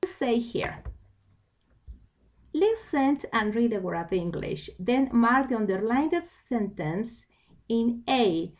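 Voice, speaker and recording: A woman's voice: on the high side, animated, takes it slowly. A woman teaching an online English class from home, explaining a textbook and switching into Spanish now and then. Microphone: home computer mic.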